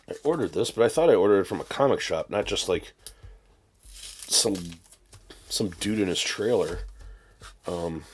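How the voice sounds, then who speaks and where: A man with a deep voice chats through a casual unboxing vlog at his desk. He rambles and slips into sarcastic mock rants, and a faint crinkle of packaging sits under his voice from the camera mic. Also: slight background noise. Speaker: channel host. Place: home desk with camera and laptop.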